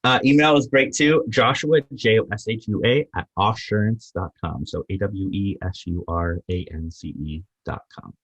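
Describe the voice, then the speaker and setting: A friendly male guest chats casually and often hesitates as he speaks. His voice is husky and breathy, and the recording sounds dull and lo-fi. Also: fairly low pitch, normal speed, hardly any pauses, a bit bright, no echo. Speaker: guest, marketing business owner. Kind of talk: casual interview talk.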